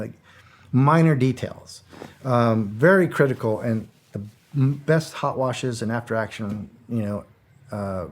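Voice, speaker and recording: A middle-aged former soldier, a guest in a casual interview, tells stories in a mid-range, slightly mellow voice. He rambles, repeats words, swears freely, and acts out quoted dialogue.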